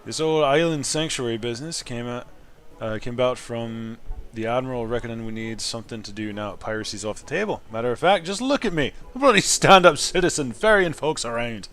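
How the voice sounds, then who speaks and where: A man reading as a gruff retired pirate ferryman. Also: mid-range voice, fairly quick, fairly bright tone, a little hiss or hum, natural voice. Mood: boastful. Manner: reads game dialogue aloud, loosely acted.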